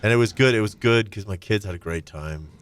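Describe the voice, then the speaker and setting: A middle-aged man telling his own story candidly and reflectively, his voice often trailing off soft and low. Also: a little fast, no echo. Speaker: guest.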